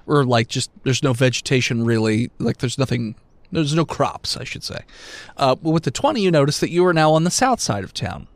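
A man's voice: mid-range voice, very animated, a little fast, no echo. A man running a tabletop game as game master, blunt and joking, laughing between lines.

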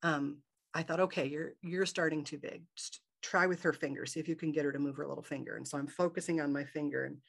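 Gravelly-voiced woman telling her story. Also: sits low, fast. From Michigan, USA. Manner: animated, acts out her own inner thoughts in quotes. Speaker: guest. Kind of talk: personal storytelling in a podcast interview.

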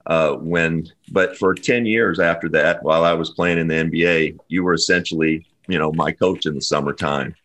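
Deep-voiced man, heartfelt and halting. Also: fairly even intonation, fairly bright tone. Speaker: podcast host. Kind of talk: podcast interview.

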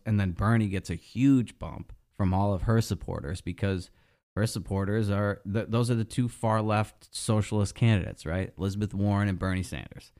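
A man's voice: on the low side, darkish tone. A man giving a casual, sarcastic opinion monologue as a political commentator, rambling and swearing freely. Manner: sarcastic, profane, rambling with restarts.

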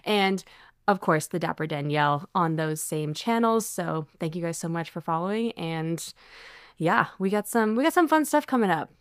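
A woman's voice: lowish voice, animated, moderate pace, dry recording, clean studio sound. A young adult woman co-hosting a podcast in casual chat, bubbly and gushing with lots of fillers. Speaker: podcast co-host.

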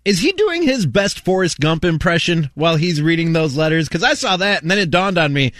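A man in a casual movie chat puzzles over details aloud, his slightly high voice bouncing all over. The recording is dry and close. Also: fairly quick, no room sound. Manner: animated, wonders aloud with questions. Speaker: podcast cohost.

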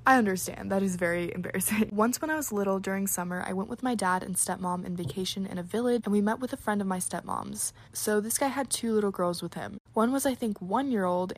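A young woman talks casually to her viewers in a mid-pitched voice. She leans on "like" and breaks into small giggles while reading out and reacting to viewers' stories. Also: fast talker. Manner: chatty, filler-heavy with frequent "like", giggly. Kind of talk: casual chat.

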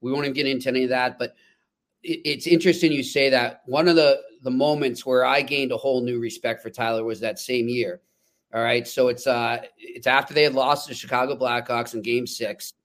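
A man co-hosting a sports podcast, telling stories in an animated, emphatic way. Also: medium pitch, fairly quick. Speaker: podcast co-host. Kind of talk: casual sports chat.

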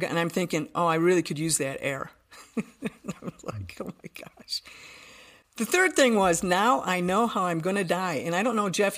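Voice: mid-range voice, a bit bright. A podcast guest telling a personal story in earnest detail, often restarting sentences.

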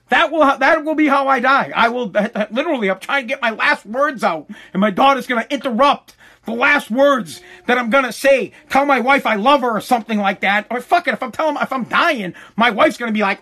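A man hosting a solo podcast who rants in an excitable, exaggerated and profane way. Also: very high voice, brisk. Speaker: podcast host. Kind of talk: comedic solo podcast rant.

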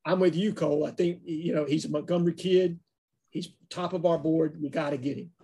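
Male co-host, husky and emphatic. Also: on the high side, fairly even intonation, fairly quick, warm tone. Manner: emphatic, confident opinions. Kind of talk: casual sports recruiting chat.

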